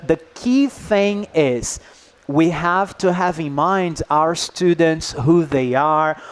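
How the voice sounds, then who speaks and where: A man presenting a live workshop to teachers, lively and engaging, often checking in with the group. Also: fairly high pitch, clear, resonant tone. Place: indoor workshop room.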